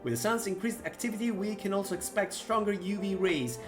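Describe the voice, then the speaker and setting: Guy putting on a chipper weatherman voice, kinda high, music behind. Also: expressive, a little fast. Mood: formal. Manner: bright newsreader delivery, pitched up. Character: male TV weather forecaster, calm and formal. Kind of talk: reading game dialogue aloud.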